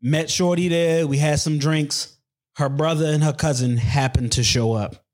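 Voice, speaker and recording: A man talks as a podcast guest, loose and full of slang. He restarts his sentences often while telling a dating story. His voice sits slightly high. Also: fairly even intonation, normal speed. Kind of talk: casual storytelling.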